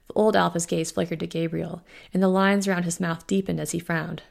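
Gravelly-voiced woman reading her novel. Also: on the low side, fairly even intonation, brisk. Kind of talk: audiobook narration.

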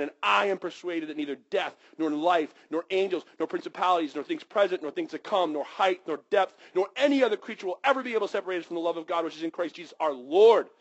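A man preaching a sermon, animated and storytelling, who acts out characters with sudden high yelps and drops to a hushed voice for reverent points. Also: muffled recording.

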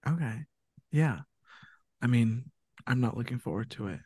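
A man co-hosts a relaxed podcast, quick with cheeky questions and playful teasing. His pitch sits in an ordinary middle range. The sound is dry and close, with no room around it. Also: breathy edge, dry recording. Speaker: podcast co-host. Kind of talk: casual chat.

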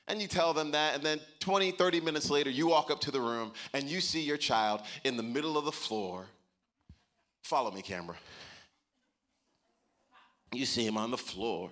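A man's voice: mid-range voice, fairly quick. A man pastor giving a sermon, telling stories and building to emphatic points. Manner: storytelling, animated, building to emphatic preaching.

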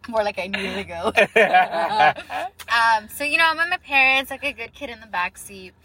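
A woman's voice: on the high side, animated, measured pace, pushed and bright, a little hiss or hum, rough recording. A woman co-hosting a podcast, telling stories through laughs and slipping into Spanish. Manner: laughing storyteller, switches into Spanish. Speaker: podcast co-host. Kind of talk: casual chat.

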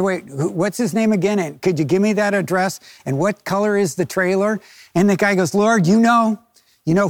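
High-voiced pastor telling a story. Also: male voice, no echo. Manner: storytelling, acts out quoted voices. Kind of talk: sermon.

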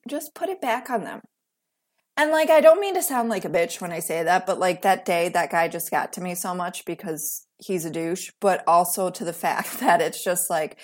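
A woman's voice: lowish voice, normal speed. A woman in her thirties hosting a solo podcast, talking casually and bluntly with plenty of swearing. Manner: blunt, swears freely, animated. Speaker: podcast host.

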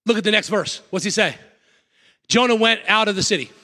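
Pastor guy giving a sermon, bright tense voice, repeats himself, gets loud sometimes. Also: sits high, a little fast, in a large hall. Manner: emphatic, repetitive preaching with sudden loud bursts. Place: church sanctuary.

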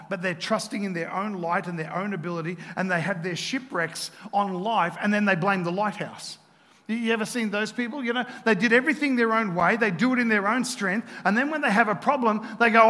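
Bright-voiced male pastor preaching in a hall. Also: sits high. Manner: preaching with rhetorical questions, swings between loud and hushed. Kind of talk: sermon. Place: church hall. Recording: reverberant church hall.

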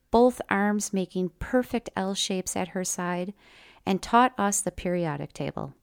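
A woman's voice: medium pitch, clean tone, dry recording, clean studio sound. A woman narrating a first-person memoir to her listeners, with wry, conversational asides. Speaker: storyteller.

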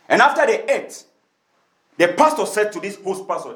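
High-voiced preacher in an echoey room. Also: male voice, sing-song, fast, fairly bright tone. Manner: storytelling preacher, acts out quoted voices. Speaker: pastor. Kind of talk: sermon.

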